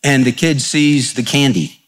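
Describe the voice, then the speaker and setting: A man's voice: mid-range voice, steady tone, a little slow, a bit bright. A man preaching a sermon in a folksy storytelling way, acting out the voices in his examples. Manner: folksy storytelling, acts out quotes. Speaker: pastor.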